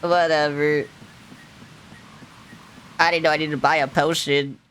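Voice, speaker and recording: Low-voiced woman streaming a game. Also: flat delivery, measured pace, fairly bright tone, slight background noise. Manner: chatty, swears casually, talks to the game. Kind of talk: live gameplay commentary. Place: at home streaming. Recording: game music playing underneath.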